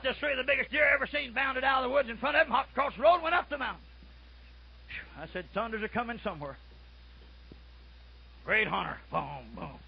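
Husky older preacher, folksy and rising. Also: male voice, very high-pitched, lively intonation, brisk, long pauses. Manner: folksy storytelling, swings from soft murmurs to loud shouts. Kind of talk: sermon. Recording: muffled lo-fi recording.

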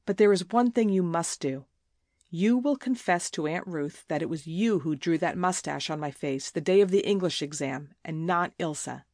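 A woman's voice: lowish voice, moderate pace, darkish tone, dry recording, clean studio sound, close to an everyday voice. A woman doing a cold, blunt teenage schoolgirl. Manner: cold, stern, clipped.

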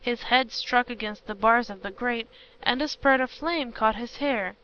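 A woman narrating a novel as an audiobook reader, with an even, measured delivery. Her voice sits fairly high. The recording sounds dull and lo-fi. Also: smooth. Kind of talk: reading a novel aloud.

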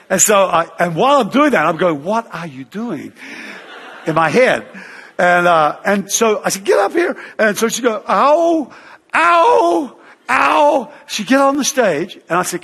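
A man preaching and telling a story, animated, acting out the voices of others and using fillers like "uh" and "you know". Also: sits high, big-room sound, slight background noise. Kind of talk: sermon storytelling.

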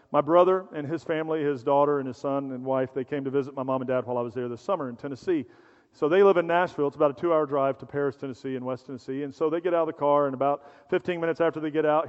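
Middle-aged male pastor, high-pitched, storytelling sermon with humor, long hall reverb. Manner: conversational storytelling with humor, acts out voices. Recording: dull sound in a reverberant hall.

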